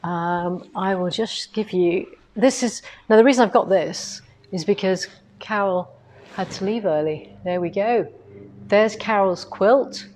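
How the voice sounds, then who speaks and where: A woman's voice: medium pitch, a little slow, a little mellow. A middle-aged woman chatting casually on a livestream from a quilting showroom, rambling with asides as she moves the camera on its tripod. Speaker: host of a quilting shop livestream. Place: quilting machine showroom, indoors.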